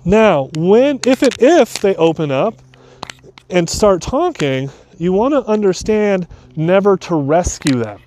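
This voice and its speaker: A man's voice: high-pitched, expressive, a little slow, a little mellow, a little hiss or hum. A man coaching in a loose, rambling way, full of asides and restarts, giving relationship advice. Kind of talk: casual advice talk.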